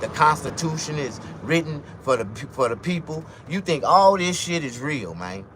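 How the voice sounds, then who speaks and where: A man's voice: fairly high pitch, animated, normal speed, a bit bright, a little hiss or hum. A man delivering a blunt, profane, casual monologue rant as a vlogger, telling stories along the way.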